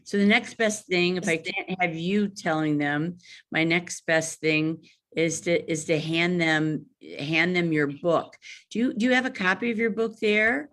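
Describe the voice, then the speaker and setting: A woman with a lowish voice hosts an interview. She sounds enthusiastic and affirming and often repeats her words as she asks follow-up questions. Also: unhurried, fairly bright tone. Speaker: podcast host. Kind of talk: interview chat.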